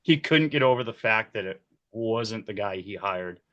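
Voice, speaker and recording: A man in his forties, a key grip, telling set stories in a casual interview, animated and quick to laugh. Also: fairly low pitch, dull audio. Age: 40s. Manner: animated, laughs often, acts out quoted voices. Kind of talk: casual storytelling.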